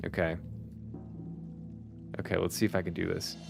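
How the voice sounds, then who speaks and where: A man's voice: low-pitched, level tone, moderate pace, vocal fry. A man streaming a video game, chatting casually with his viewers, laughing often and swearing now and then. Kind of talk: casual chat while gaming. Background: faint background music.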